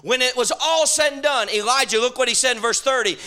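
A man preaching a sermon, moving from hushed storytelling to shouting. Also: very high voice, fast talker, hardly any pauses.

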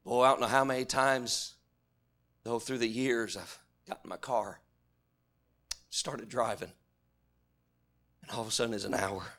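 A man preaching a sermon, moving from hushed storytelling to shouting. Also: medium pitch, fairly even intonation, unhurried, pauses often.

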